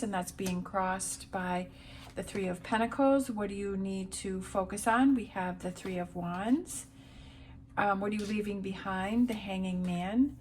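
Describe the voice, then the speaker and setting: A woman's voice: medium pitch, slight background noise. Encouraging woman giving a tarot reading. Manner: encouraging, repetitive, reassuring. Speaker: tarot reader.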